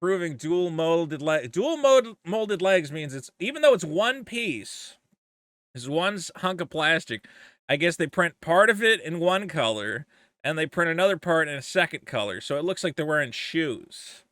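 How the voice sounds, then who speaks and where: A man's voice: on the high side, sing-song, normal speed, fairly bright tone, no room sound, studio quality. A man giving casual, profane, rambling commentary as a vlogger.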